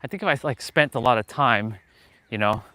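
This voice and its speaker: A man's voice: mid-range voice, a little fast, pushed and bright. A man with a Western Canadian accent hosting a casual live stream, chatty and loose, laughing often and swearing freely. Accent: Western Canadian English. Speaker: fitness live-stream host. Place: lives in Canada.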